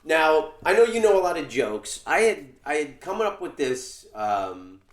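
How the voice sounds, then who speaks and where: A male comedian hosting a podcast, chatting casually in a rambling, halting way. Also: a little high, sing-song. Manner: rambling, halting, many fillers. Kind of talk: casual chat. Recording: echoey room.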